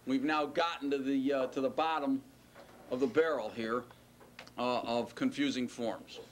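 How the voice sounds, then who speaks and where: Man, teacher, classroom lecture, quizzing, drawn-out stress, faint background noise. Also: medium pitch, steady tone. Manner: questioning, drawn-out stressed words. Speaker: Hebrew teacher.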